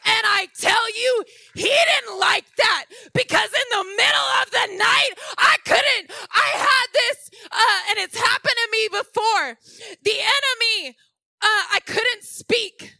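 A woman preaching her own testimony in a very high, bright voice. She tells the story slowly and deliberately, then rises into fervent, shouted declarations. The recording is close and dry. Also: vocal fry, no echo. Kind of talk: testimony sermon.

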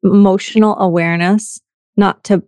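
A woman's voice: medium pitch, fairly even intonation, normal speed, darkish tone, no room sound. A woman hosting a podcast in casual conversation, chatty and laughing often.

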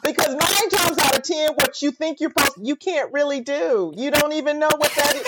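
A woman, a mother, co-hosting a casual chat, animated and opinionated, mimicking people in mocking voices. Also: high voice, fairly quick, hardly any pauses. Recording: loud background hiss.

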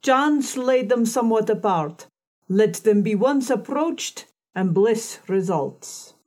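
A woman voicing a harsh, decided old female fortune teller in an audiobook reading, speaking slowly and deliberately. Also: fairly high pitch, animated, darkish tone, pitched above the performer's own voice. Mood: probing.

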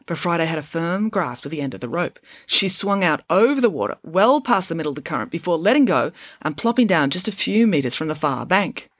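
A woman narrating a children's adventure book in an expressive storytelling manner. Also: lowish voice, a little fast, few pauses, dry recording, clean studio sound. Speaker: audiobook narrator.

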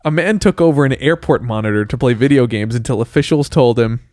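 A man co-hosting a casual podcast, joking around with deadpan refusals and bursts of laughter. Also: medium pitch, quick pace, no room sound. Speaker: podcast co-host. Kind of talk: casual banter.

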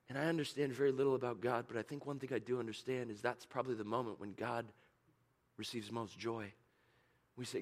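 A man preaching a sermon as pastor, moving from hushed, intimate questions to loud, soaring climaxes. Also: medium pitch, fairly even intonation, fairly quick. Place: church service.

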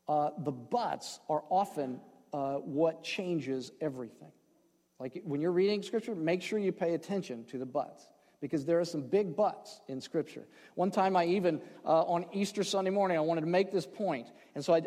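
A male pastor preaching a sermon, conversational and joking, swinging between loud emphasis and hushed, slowed phrases. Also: on the high side. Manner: conversational, with asides and playful jokes. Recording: long hall reverb.

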